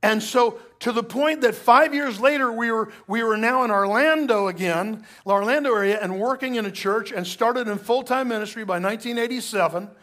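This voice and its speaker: A middle-aged male pastor preaching a sermon, telling a personal story with lively asides to the congregation. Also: very high voice, brisk, few pauses.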